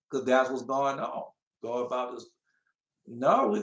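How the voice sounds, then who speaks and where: Emphatic high-voiced man preaching, echoey. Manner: emphatic, swinging from loud to soft, mocking asides; slow, drawn-out scripture reading. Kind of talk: fiery Bible-study sermon.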